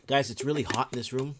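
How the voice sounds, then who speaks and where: A man's voice: medium pitch, noisy background. Canadian man ranting over the news. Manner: reads news aloud, then rants. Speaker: show host. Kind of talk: solo livestream commentary on news. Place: indoor room.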